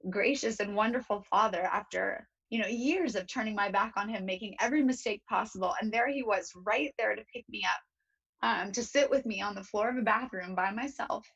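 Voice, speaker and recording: A young woman speaks earnestly as a guest on a talk show, her voice sitting at an ordinary middle pitch. She grows emotional and keeps restarting her sentences as she tells her story. The studio sound is slightly dull and muffled. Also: fairly quick, vocal fry, a bit bright, slightly rough. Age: young adult.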